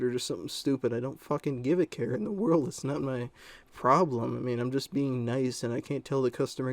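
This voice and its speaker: A man's voice: mid-range voice, flat delivery, a little fast, a little mellow, no room sound. A young man telling a story-time vlog in a rambling, casual way full of fillers. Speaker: storyteller vlogger.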